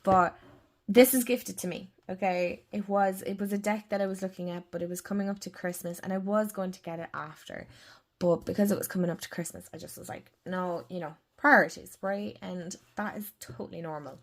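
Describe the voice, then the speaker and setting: This tarot and oracle deck channel host speaks with an Irish accent in a brisk, mid-range, slightly mellow voice whose intonation stays fairly even. She chats casually and rambles enthusiastically while reviewing oracle decks.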